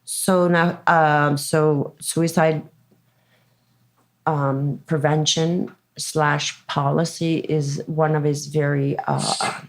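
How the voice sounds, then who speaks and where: A woman moderating a panel Q&A, speaking in a measured, explanatory way. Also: low voice, level tone. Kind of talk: panel Q&A discussion.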